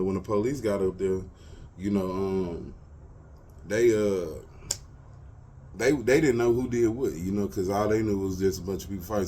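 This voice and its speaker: A man's voice: fairly low pitch, warm tone, slight background noise. A man, hosting his show and telling personal stories in loose, slangy, casual talk. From Texas, US. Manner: loose slangy talk, lots of "you feel me". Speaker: show host.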